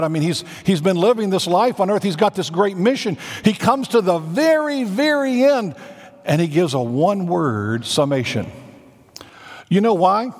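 A man, preaching a sermon as pastor with dramatic pauses and emphatic rising declarations, in a church sanctuary. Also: sits high. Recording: reverberant church hall.

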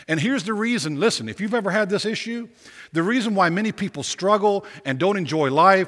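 A man's voice: high-pitched, brisk, a bit bright. A male pastor preaching a sermon with emphatic repetition and rhetorical questions. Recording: long reverb of a big hall.

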